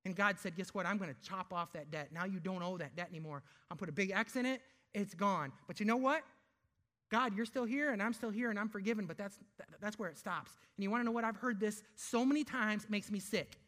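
This pastor's sermon is forceful, full of rhetorical questions and deliberate slowdowns on important words. He speaks in a high-pitched voice with a fairly bright tone.

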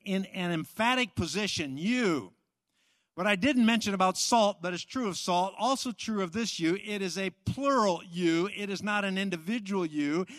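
A man's voice: sits high, a bit bright, dry recording, studio quality. A man preaching a sermon, emphatic and repetitive, with rhetorical questions. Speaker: pastor.

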